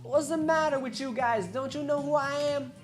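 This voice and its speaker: A woman voicing a loud, bratty underage boy throwing a tantrum in a game. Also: sits high, normal speed, faint music behind, pitched above the performer's own voice, close to an everyday voice.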